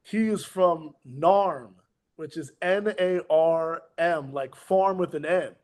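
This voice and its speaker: A man's voice: a little high, slow pace, darkish tone. A man, a pro wrestler guest, chatting in a casual podcast interview with brash, boastful trash talk and amused storytelling.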